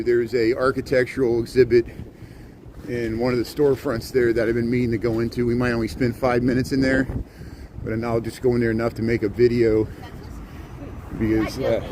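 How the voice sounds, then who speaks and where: In a rough recording, a man with a mid-range, slightly mellow voice walks a cold, windy street on a livestreamed city tour. He rambles casually and replies to viewers while moving along.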